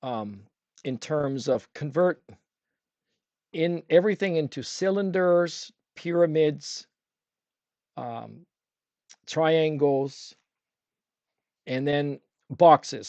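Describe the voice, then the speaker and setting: A man's voice: on the high side, slow pace, long pauses, darkish tone, no room sound, highs cut off. A man teaching a livestream painting demo, chatting with his viewers and asking them questions as he paints. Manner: talks with a brush in his mouth at times. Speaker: art instructor.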